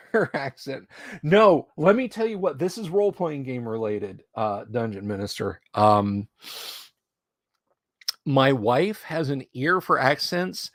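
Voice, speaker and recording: A man's voice: medium pitch, takes it slowly, fairly bright tone, dry recording. A middle-aged man streaming, chatting casually and telling rambling anecdotes close to his mic. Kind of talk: casual chat.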